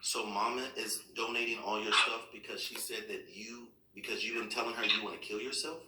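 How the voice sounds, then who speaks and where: A man talks as a father in a calm, firm, reassuring way. His low voice has a bright, tense edge. It sounds roomy and distant, picked up away from the mic. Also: brisk, slight background noise. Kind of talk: serious heart-to-heart with a child. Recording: echoey room, mic far off.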